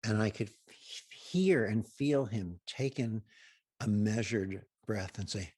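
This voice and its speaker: A man hosting a healing program, telling humorous anecdotes with wry asides and pauses. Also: fairly low pitch, darkish tone, dry recording, clean studio sound. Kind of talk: humorous storytelling talk.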